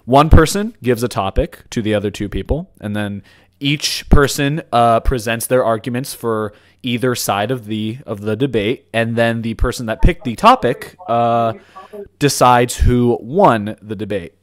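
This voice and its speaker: A young man hosting a casual podcast chat, rambling and restarting his sentences, quick to laugh. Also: mid-range voice, no echo. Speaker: podcast host.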